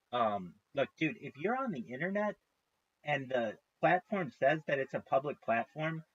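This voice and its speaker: A man's voice: medium pitch, a bit bright, highs cut off. A man streaming live, chatting casually in a rambling way, with frequent restarts and free swearing.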